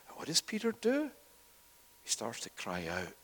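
A man preaching a sermon, swinging from loud, urgent outbursts to hushed near-whispers. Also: mid-range voice, wildly swooping pitch, normal speed. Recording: long hall reverb.

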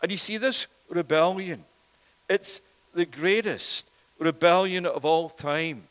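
A man's voice: on the high side, takes it slowly, a bit bright, smooth. A man preaching a sermon in a church, earnest and emphatic, with rhetorical questions and a habit of saying "it is that". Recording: long church reverb.

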